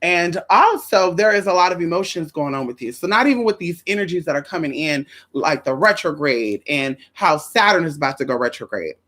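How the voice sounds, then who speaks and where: A woman hosting a casual livestream, sassy and animated, calling her viewers honey and girl while greeting them. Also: brisk, few pauses. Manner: swoops high for greetings and drops low for asides.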